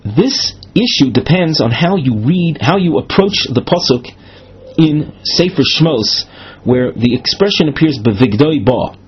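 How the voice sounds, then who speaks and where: A man of middle pitch teaches a Talmud lesson, explaining each step slowly and often restarting his phrases. His Hebrew terms carry an Ashkenazi pronunciation. His voice sounds somewhat husky, and the recording is dull and lo-fi. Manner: measured, explanatory, with frequent restarts and uh's.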